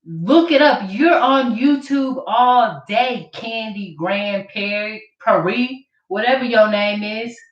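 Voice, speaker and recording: A woman's voice: fairly high pitch, slow pace, hardly any pauses. A woman vlogger ranting to camera in an accusatory, mocking way, repeating her points. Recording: roomy, distant, dull camera audio.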